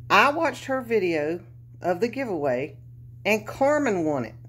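A woman's voice: medium pitch, big pitch swings, takes it slowly, fairly bright tone, breathy edge. A woman, chatting in a craft vlog, gushing and emotional, close to tears. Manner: gushing, emotional, Southern "y'all". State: near tears. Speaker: craft vlogger. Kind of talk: casual video chat.

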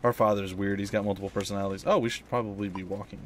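A man's voice: lowish voice, steady tone, racing, slight background noise. A man hosting a casual let's play, joking around and reading game dialogue aloud. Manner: playful, jokey, drops into silly voices.

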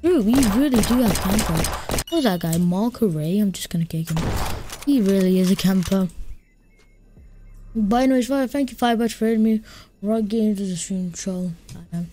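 A woman's voice: mid-range voice, normal speed, soft background music. A woman streaming a game live, chatting casually, greeting and thanking viewers and muttering to herself as she plays. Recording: clear steady background noise.

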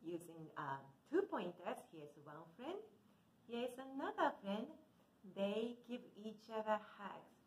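A woman children's librarian hosting a virtual story time, talking in a slow, sing-song way for young children. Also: mid-range voice, big pitch swings, a little mellow. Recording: echoey room.

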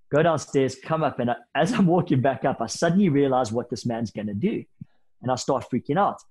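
A man in his thirties recounts stories as a podcast guest, slipping into easy slang as he goes. His voice is slightly husky and sits at an ordinary middle pitch, and his delivery stays lively and conversational. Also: fairly quick, poor audio. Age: 30s. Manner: lively anecdotal storyteller, casual slang. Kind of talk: storytelling in a podcast interview.

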